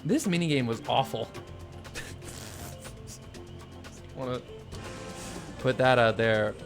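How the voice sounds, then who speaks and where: A man's voice: mid-range voice, extremely slow. A man giving casual, rambling commentary over a video game he is playing, sarcastic and swearing when annoyed. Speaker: let's play streamer. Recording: faint game music behind.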